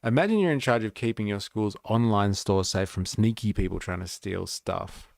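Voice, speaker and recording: A man's voice: lowish voice, moderate pace, creaky, no echo, clean studio sound. A man with an Australian accent hosting a livestream, reading out an explainer and rambling through casual commentary with lots of filler words. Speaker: livestream host. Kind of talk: casual commentary while reading and reacting to a video.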